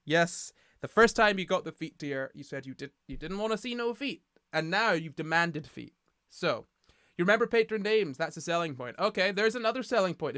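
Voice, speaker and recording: Young male streamer from the UK, tired and rambling, with a slightly high voice and a dry, close sound. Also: pushed and bright, dry recording. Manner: rambling, self-mocking, reading chat aloud. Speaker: livestream host. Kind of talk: casual livestream chat.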